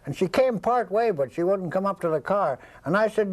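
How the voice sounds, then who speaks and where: Brief: older man, high-voiced, rambling raconteur who slips into the voices of people in his stories. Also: expressive, a little fast, low-quality recording. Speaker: interviewee, storyteller. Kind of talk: casual anecdotal storytelling.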